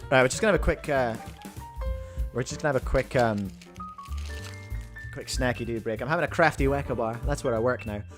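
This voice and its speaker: A man's voice: mid-range voice, fairly quick, long pauses, over music. Rambling New man hosting a stream. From New Zealand. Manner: rambling, self-interrupting, jokey. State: chewing while talking. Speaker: livestream host. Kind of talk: casual livestream chat.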